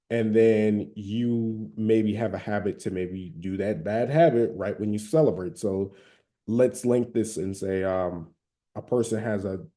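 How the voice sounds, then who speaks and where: A man from Georgia with a Southern accent talks through advice in a loose, conversational way. His voice is very dark and mellow and sits a little low in pitch. He speaks casually, with plenty of fillers. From Atlanta, Georgia. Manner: conversational, frequent fillers and hedges. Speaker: speaker giving recovery advice.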